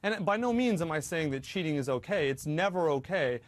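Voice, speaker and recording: A man's voice: a little high, expressive, a little fast. A man co-hosting a talk show, speaking earnestly and hedging with fillers. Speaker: co-host.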